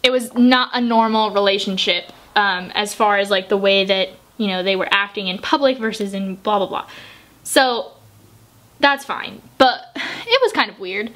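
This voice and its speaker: A woman's voice: medium pitch, animated, normal speed, fairly bright tone. A young woman talking casually as a book vlogger. She gushes emotionally and swears freely while doing her makeup. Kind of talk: casual book review chat.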